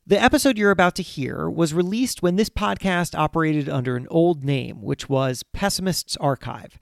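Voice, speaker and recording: A man's voice: on the high side, moderate pace, vocal fry, no room sound, studio quality. A man hosting a podcast, narrating a scripted history story in a wry, jokey way. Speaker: podcast host.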